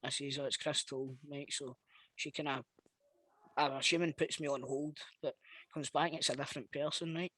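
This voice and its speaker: A man's voice: mid-range voice, normal speed. A Scottish man co-hosting a podcast, telling anecdotes in casual, sweary chat. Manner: animated anecdote teller, sweary. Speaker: podcast co-host.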